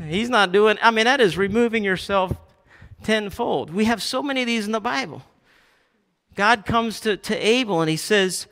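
Animated male pastor in a reverberant hall. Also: high voice, normal speed. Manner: animated, acts out Bible quotes with raised voice. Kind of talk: sermon.

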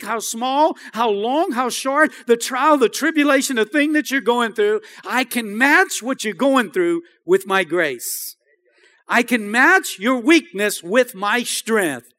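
A man's voice: very high-pitched, bright, forceful tone. A man preaching a sermon as pastor, emphatic, often asking the congregation for an "Amen.". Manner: emphatic, repeats phrases and asks the congregation "Amen?".

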